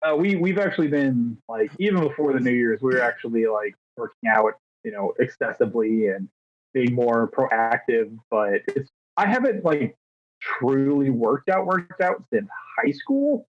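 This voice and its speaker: A man's voice: medium pitch, lively intonation, moderate pace. A thirty-year-old man co-hosting a podcast, chatting casually in a rambling, self-deprecating way and acting out little exchanges. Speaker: podcast co-host. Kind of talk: casual chat. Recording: dull, dry lo-fi sound.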